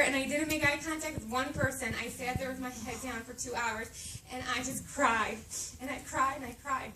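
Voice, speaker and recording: A woman's voice: high-pitched, steady tone, normal speed. A woman in her thirties giving a heartfelt, emotional faith testimony to a group in a meeting room. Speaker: speaker sharing her testimony. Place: meeting room at a moms' camp. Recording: echoey room, distant mic, background noise.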